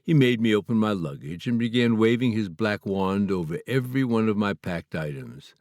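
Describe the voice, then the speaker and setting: A man from Canada reading his own memoir aloud in a measured, earnest, slightly formal way. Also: on the low side, expressive, darkish tone, no room sound, studio quality. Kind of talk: memoir audiobook narration.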